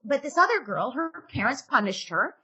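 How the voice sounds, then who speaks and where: A middle-aged woman speaks as a parenting expert in a podcast interview. Her voice is bright, fairly high and a little husky. She is animated and slips into quick acted lines of parents and kids. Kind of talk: podcast interview, casual advice.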